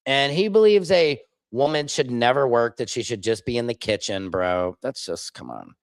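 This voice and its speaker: A man chats loosely on his livestream, jumping from point to point and slipping into mocking impressions. His voice sits at an ordinary middle pitch, and the sound is dry and close with no room echo. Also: moderate pace, smooth. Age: adult, father of children. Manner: rambling, digressive, mocking impressions. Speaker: streamer, independent commentator. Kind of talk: casual livestream commentary. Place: home studio.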